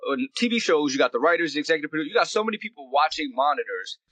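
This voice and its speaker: A man guest on a casual podcast call, telling a story in an animated way and acting out bits of dialogue. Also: on the high side. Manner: animated, acts out dialogue in quick bursts. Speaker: guest actor.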